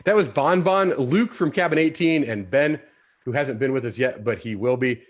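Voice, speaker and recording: A man hosting a live online show, upbeat and jokey, bantering quickly with his co-host. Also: medium pitch, expressive.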